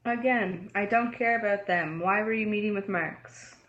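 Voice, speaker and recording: A woman's voice: medium pitch, moderate pace, fairly bright tone, dull audio. A woman playing a tabletop game, blunt and insistent in her questions. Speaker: player.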